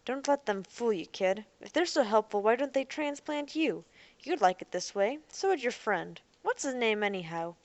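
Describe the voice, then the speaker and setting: A woman voicing a defensive, boastful young man in a robot body who is quick to shout. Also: a little high, expressive, no echo, dull audio, pitched above the performer's own voice, natural voice. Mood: agitated.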